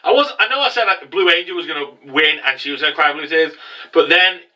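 A man recapping an anime episode in a rambling, excitable way. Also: fairly high pitch, quick pace, far from the mic, rough recording. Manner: rambling, excitable, mocking impressions of characters. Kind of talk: casual spoken recap.

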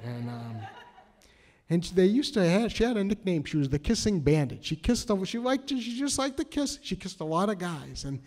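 A man telling a personal story on stage, animated and self-mocking, often laughing as he talks. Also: sits high, moderate pace. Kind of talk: live storytelling. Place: stage in a cultural center.

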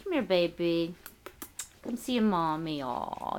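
A woman's voice: medium pitch, expressive, measured pace, creaky, darkish tone, a little hiss or hum. A woman filming her dogs' birthday party at home, cooing baby talk to them and laughing often. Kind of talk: home video chat, baby talk to dogs. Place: home, indoors. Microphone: handheld camcorder.

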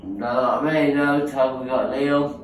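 A man's voice: mid-range voice, measured pace, echoey room, a little hiss or hum. A drunk man, bantering with mates and throwing out boisterous, sweary mock threats, picked up on a phone camera. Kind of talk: casual banter among mates.

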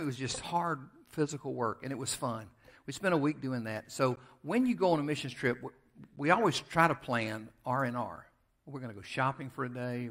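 A man preaching as a Southern American pastor in a church sanctuary, talking in a mid-range voice and shifting between strong, loud emphasis and soft, chatty storytelling. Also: medium pitch. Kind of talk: sermon.

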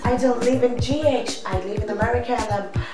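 A woman's voice: a little high, brisk, natural voice. An actress playing a Ghanaian woman posing as an American, apologetic and chatty with many fillers. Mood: pleading. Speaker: film character. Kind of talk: film acting. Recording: echoey hall with loud film music.

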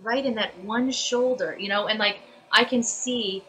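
A woman voice actress chatting casually as an interview guest, animated and full of fillers and restarts. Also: a little high, unhurried, poor audio.

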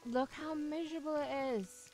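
Woman streamer, higher voice, chatty and excitable, faint music behind. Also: normal speed. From United Kingdom. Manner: excitable and giggly, chatty with lots of fillers. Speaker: game streamer. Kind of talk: casual live-stream chat.

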